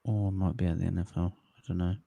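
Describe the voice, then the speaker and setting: A man's voice: low-pitched, little pitch movement, racing, creaky, dark tone, no echo. A man co-hosting a live football fan stream, blunt and critical, laughing easily. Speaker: fan channel co-host.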